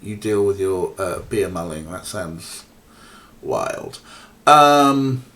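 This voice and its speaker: Low-voiced rambling game streamer man. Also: animated, slow pace, a bit bright. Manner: rambling and chatty, with many fillers, chatting to viewers and cats. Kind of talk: casual let's-play commentary.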